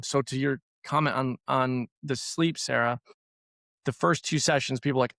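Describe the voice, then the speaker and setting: A man with a gravelly, creaky voice explains his therapy work in a casual podcast chat. He talks conversationally and often repeats words for emphasis. The sound is close and dry, with no room echo. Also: medium pitch, fairly even intonation, a little fast, fairly bright tone. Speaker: trauma therapy practitioner.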